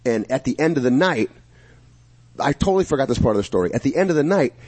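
A man telling a long profane story in casual chat among friends, animated and swearing freely. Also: medium pitch, fast talker, slightly rough.

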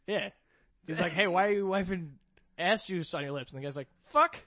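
A man's voice: sits high, a little fast, fairly bright tone, no room sound. A man in casual chat, telling a rambling joke and laughing often at himself.

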